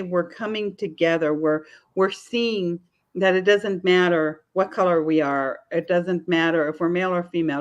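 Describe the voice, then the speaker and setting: This woman's voice runs low, and the recording sounds muffled. She's in her fifties, a podcast guest and author who tells stories in a relaxed, talkative way, laughing frequently.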